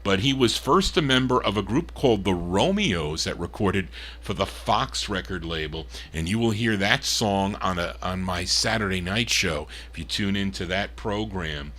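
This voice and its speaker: A man with a fairly low voice hosts a live vinyl record show, introducing songs in casual DJ chat. He rambles and restarts, leaning on fillers, and his tone is bright and forward. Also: animated, normal speed. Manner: rambling and chatty, with many fillers and restarts, calling himself by name.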